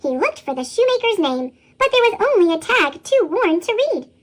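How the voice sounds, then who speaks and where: A woman lively reads a children's storybook aloud at a moderate pace over a noisy background. A chipmunk pitch shift makes her voice very high and bouncy, swinging widely in a sing-song way.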